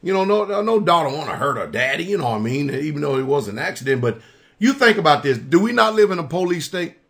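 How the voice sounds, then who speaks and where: A man's voice: a little high, big pitch swings, fast talker, a bit bright. A man hosting a religious radio talk show, speaking casually and repeating himself for emphasis. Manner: preacherly, repeats phrases for emphasis.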